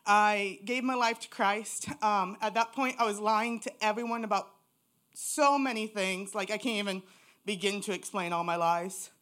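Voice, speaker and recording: A woman's voice: medium pitch, steady tone, moderate pace, a bit bright. A woman telling her personal faith testimony in church, raw and candid. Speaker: church member giving testimony.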